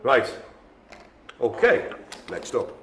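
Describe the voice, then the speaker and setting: A man's voice: medium pitch, drawn-out words. A man calling bingo on a live stream, joking and chatting with the people around him. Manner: jokey, animated, chatty with the room. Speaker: bingo caller. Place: indoor care home lounge. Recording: echoey room.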